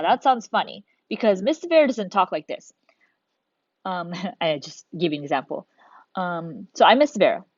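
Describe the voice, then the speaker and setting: A woman teacher recording a lesson for young students, guiding them step by step in an encouraging way. The room sound is dry and close, with no echo. The audio is a little dull, like a simple home recording. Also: mid-range voice. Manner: encouraging, talks students through each step. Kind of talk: recorded video lesson for children.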